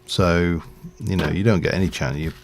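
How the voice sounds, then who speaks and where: During his game livestream, a middle-aged man chats in a rambling, casual manner with fillers and chuckles. His deep, gravelly voice comes at a moderate pace, with a little hiss or hum in the audio.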